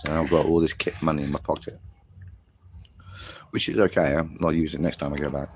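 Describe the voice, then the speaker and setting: Very deep-voiced man rambling on a livestream. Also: level tone, a little fast, a little mellow. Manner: rambling, chatty, talks with mouth full while eating. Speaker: travel vlogger. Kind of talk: casual live-stream chat. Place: on the road in Southeast Asia. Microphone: camera set in front of him. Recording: noisy ambience with insects and traffic.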